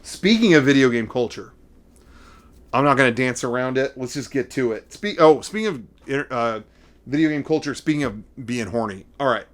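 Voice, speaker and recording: A middle-aged man hosting a casual collecting vlog, rambling and excitable, playing up mock emotion. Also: mid-range voice, moderate pace. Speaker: vlogger showing figure collection.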